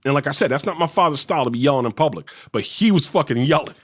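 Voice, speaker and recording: A man in a casual podcast, swearing freely as he spins an animated story. His voice sits high and swoops all over the place as he acts out each part. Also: rapid-fire, breathy edge. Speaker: podcast host.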